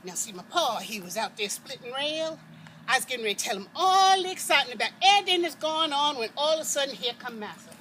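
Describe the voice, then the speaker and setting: A woman putting on an eager young enslaved boy who recalls the war with quick, excited dialect. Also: high-pitched, heavily acted. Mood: storytelling. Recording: noisy outdoor recording with passing traffic.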